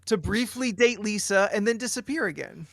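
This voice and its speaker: A fairly high-voiced man co-hosting a casual podcast, dropping dry quips. His mic sound is very dry, with no room echo. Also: normal speed, fairly bright tone. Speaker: podcast co-host. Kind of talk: casual chat.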